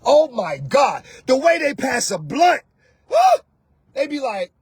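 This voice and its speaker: Husky-voiced man ranting loudly. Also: very high-pitched, big pitch swings, slow pace, no room sound. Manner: loud, mocking, switches into soft mimicking voices. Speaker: host. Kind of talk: animated rant to camera. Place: lives in Atlanta.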